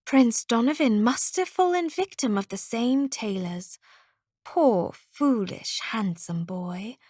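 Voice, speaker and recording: Woman playing a slow, dreamy princess. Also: fairly high pitch, big pitch swings, a little mellow, dry recording, clean studio sound. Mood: wistful.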